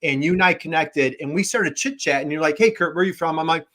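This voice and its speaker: A man's voice: fairly high pitch, fast, a bit bright. A man from Western New York co-hosting a show, telling a story with lots of enthusiasm and laughter. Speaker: podcast co-host. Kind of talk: casual chat.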